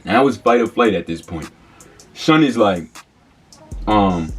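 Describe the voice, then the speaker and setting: Lowish-voiced young man telling a story. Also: slow pace, long pauses, husky, faint music behind. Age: 20s. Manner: animated, slangy, rambling with many fillers. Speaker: vlogger. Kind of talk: casual storytelling.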